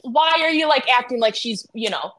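A woman with a fairly high voice co-hosts a casual fan recap chat. She is excitable, gasps often and swears freely, with quick, loose phrasing. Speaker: podcast co-host.

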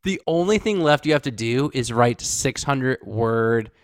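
A man's voice: mid-range voice, expressive, unhurried, dry recording, studio quality. A man hosting a podcast in casual chat, teasing and laughing often. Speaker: podcast host.

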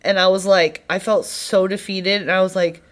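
A young woman, a podcast guest, casually telling an animated story with frequent "like" fillers. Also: mid-range voice, moderate pace. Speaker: podcast guest, CrossFit athlete.

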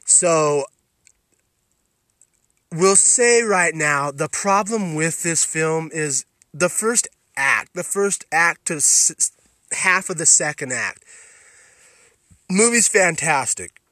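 A man's voice: fairly high pitch, expressive, slow pace, pauses often, sharp tone, no room sound. Guy ranting on his podcast, swears a lot, dry close mic sound. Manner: blunt, heavy swearing, emphatic, with restarts. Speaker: podcast host reviewing films. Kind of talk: profane ranting film review.

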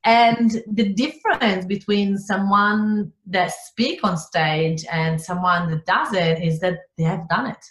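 Animated Italian woman in a roomy space. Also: medium pitch, slow, few pauses. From Italy. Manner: animated storyteller, laughs often. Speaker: guest, business coach. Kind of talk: podcast interview.

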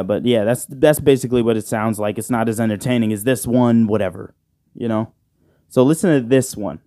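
A man's voice: mid-range voice, warm tone, dry recording. A man hosting his own podcast alone, rambling and joking with plenty of swearing, talking into a studio microphone. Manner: rambling, profane and joking, with frequent "bro". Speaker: podcast host. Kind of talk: casual solo podcast chat. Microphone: side-address studio microphone.

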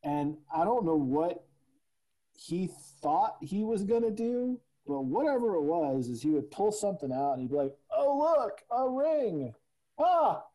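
A man's voice: on the high side, expressive, moderate pace, dark tone, rough recording. A man chatting casually as host, with a loose, profane way of talking and lots of fillers. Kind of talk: casual chat.

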